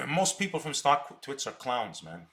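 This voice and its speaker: A man's voice: medium pitch, big pitch swings, a little slow, creaky, fairly bright tone. A man hosting a live stream, combatively ranting at viewers and tripping over repeated words as he talks. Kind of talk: unscripted live stream talk.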